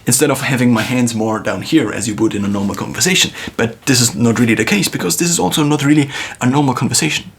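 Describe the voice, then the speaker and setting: A man thinking aloud in a reflective solo monologue, musing with pauses and restarts, recorded on a phone. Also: medium pitch, breathy edge. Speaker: video creator.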